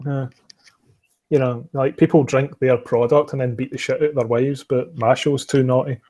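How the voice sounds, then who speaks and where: A man's voice: mid-range voice, steady tone, normal speed, dark tone. A man from Scotland with a West of Scotland accent, hosting a casual podcast chat, swearing and laughing often. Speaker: podcast host.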